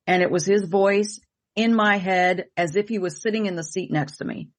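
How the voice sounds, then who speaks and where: Her voice is fairly low, with fairly even intonation and a normal speed. A medium who co-hosts, she recounts a personal story in candid conversation, emotionally and earnestly, and keeps repeating herself for emphasis.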